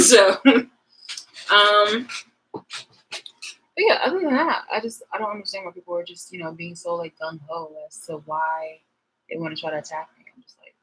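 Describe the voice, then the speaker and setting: Low-voiced woman rambling to her viewers. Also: moderate pace, long pauses, fairly bright tone, a little hiss or hum, poor audio. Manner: rambling, frank, swears freely. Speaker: vlogger. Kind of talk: casual chat to viewers.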